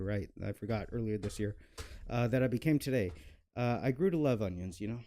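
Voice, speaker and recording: In a casual cooking vlog, a young male cooking channel host chats and rambles, using many fillers and joking at his own expense. He has a lowish, warm voice and a brisk pace.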